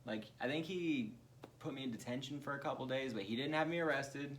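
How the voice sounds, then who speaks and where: A man's voice: mid-range voice, brisk, fairly bright tone, slight background noise. A man co-hosting a comedy podcast, telling profane childhood stories in a loose, laughing way. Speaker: podcast co-host. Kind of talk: casual chat.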